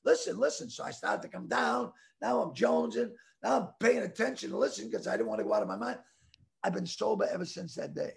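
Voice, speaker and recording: A middle-aged man from the Boston area telling a rambling story with stammering restarts and animated voices. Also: sits high, quick pace, vocal fry. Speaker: comedian guest telling a story. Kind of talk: casual storytelling.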